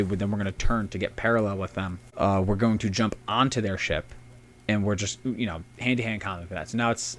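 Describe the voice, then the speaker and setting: Fairly low-pitched, a man co-hosting a casual history podcast rambles through the story, cursing freely and shouting in silly voices when playing historical figures. Slight background noise can be heard.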